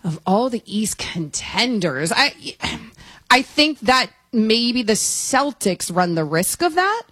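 A middle-aged woman talking as a guest basketball analyst in casual sports talk, quick and opinionated with a joking edge. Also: a little high, very animated, fairly bright tone, no echo.

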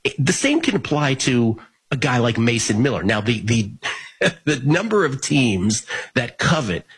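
A man's voice: medium pitch, big pitch swings, a little slow, breathy edge. A man hosting a sports betting talk show, talking in a casual, rambling way with restarts.

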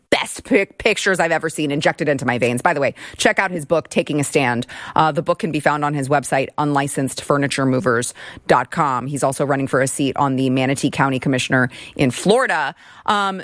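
A woman's voice: deep voice, a bit bright, no room sound, studio quality. A woman hosting a political talk show, sarcastic and mocking as she mimics others. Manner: sarcastic, mocking, puts on voices to imitate others. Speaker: show host.

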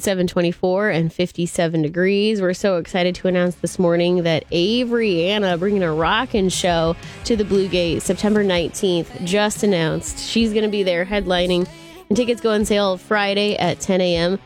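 A woman's voice: mid-range voice, fairly even intonation, moderate pace, faint music behind. A woman hosting a morning show in a bubbly, announcer-like manner. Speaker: show host. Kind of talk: upbeat morning-show presenting.

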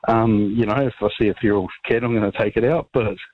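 A man's voice: fairly low pitch, little pitch movement, quick pace, slight background noise. A man with a New Zealand accent calling in to talk radio, rambling along with lots of ums and mates. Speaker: caller. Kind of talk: phone-in call. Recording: dull phone line.

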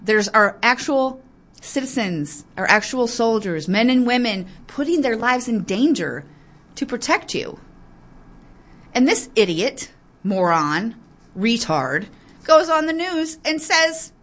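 A woman with a fairly bright, sing-song voice on the high side delivers heated political commentary. Fired up and quick to get aggravated, she rants, apologizes in asides, and says she's getting worked up.

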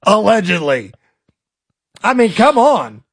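Sarcastic high-voiced male radio host. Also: very animated, takes it slowly, fairly bright tone, slightly rough, no echo. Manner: sarcastic, colloquial, jokey rants. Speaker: radio talk show host. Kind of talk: opinionated political talk radio.

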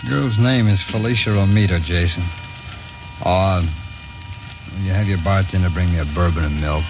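An actor playing a clipped, deadpan Hollywood business manager in an old radio play. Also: male voice, sits low, normal speed, highs cut off, background noise. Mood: terse. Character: male Hollywood business manager, cool and terse. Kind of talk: 1940s radio acting.

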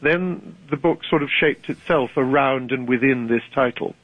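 A man's voice: medium pitch, normal speed, husky, dry recording. An older British man with a British accent, a guest author talking articulately and wryly in a radio interview, laughing easily. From Britain. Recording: tinny dry phone line.

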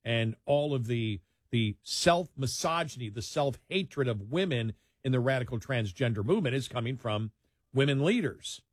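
A man's voice: medium pitch, expressive, normal speed, no room sound, clean studio sound. An older man from New York hosting a late-night radio talk show, emphatic and full of rhetorical questions.

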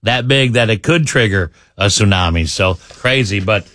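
A male morning radio host in casual banter, telling a joke with lively swings of pitch for the characters. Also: normal speed, no echo. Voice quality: animated storyteller, swings pitch for the joke's characters. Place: radio studio.

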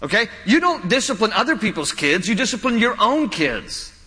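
Bright-voiced pastor preaching in a reverberant hall. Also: male voice, sits high, normal speed. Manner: animated storytelling with laughs and quoted voices; repeats key points for emphasis. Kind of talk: sermon.

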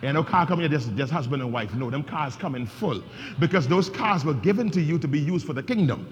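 A man's voice: on the high side, expressive, fast, lo-fi sound. A male pastor preaching a sermon, leading his congregation in call-and-response. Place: church sanctuary. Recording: long reverb in a church hall, faint background noise.

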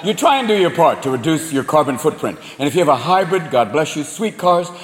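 A male stand-up comedian performing, animated, profane and loud. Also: on the high side, brisk, background noise. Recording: echoey hall with loud crowd.

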